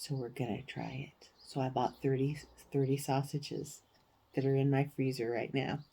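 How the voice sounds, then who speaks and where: A woman's voice: very deep voice, normal speed, gravelly, husky. Chatty woman vlogger. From United States. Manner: animated, indignant ranting with sarcastic asides. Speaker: cross-stitch vlogger, show host. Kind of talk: casual chatty storytelling vlog.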